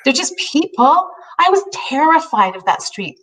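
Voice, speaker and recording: A woman telling a heartfelt personal story in a halting way, often restarting her sentences. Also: sits high, big pitch swings, fairly bright tone, far from the mic, poor audio. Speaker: host.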